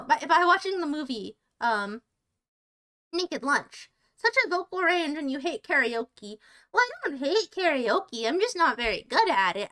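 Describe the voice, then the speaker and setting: In a casual livestream chat, a female streamer talks to her viewers with a high, bright voice. Her playful rambling is full of sentences she halts and starts over.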